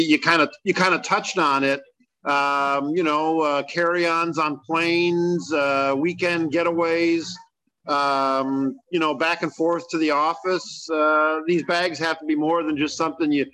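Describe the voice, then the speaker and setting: Chatty guy hosting an interview, kinda higher voice, lots of uhs. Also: steady tone, measured pace, pushed and bright, poor audio. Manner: chatty, folksy questions with fillers. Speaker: interview host. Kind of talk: casual interview.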